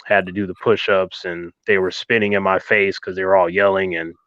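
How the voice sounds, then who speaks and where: A man's voice: low voice, brisk, no echo, muffled recording. A man in casual chat, telling a story with laughter and acting out the people in it. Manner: animated storyteller, acts out yelling voices, laughs often. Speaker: co-host.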